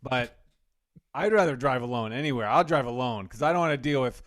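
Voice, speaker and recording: A man's voice: medium pitch, lively intonation, brisk, a bit bright. A man co-hosting a podcast, telling an exasperated story in casual chat and swearing casually. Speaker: podcast co-host.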